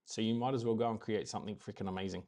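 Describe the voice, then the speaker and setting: Upbeat New Zealand man, lower voice. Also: steady tone, racing, a little mellow. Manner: upbeat, rambling, repeats key phrases for emphasis. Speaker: host of a daily live stream. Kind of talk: casual motivational live-stream chat.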